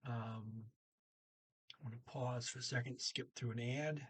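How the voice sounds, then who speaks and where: A slow, unhurried man explains a language lesson. His voice is husky and a little breathy. He halts often, filling gaps with "uh" and "um" as he works things out aloud. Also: medium pitch, fairly even intonation, a bit bright. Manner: thinking aloud, halting with fillers. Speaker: language teacher.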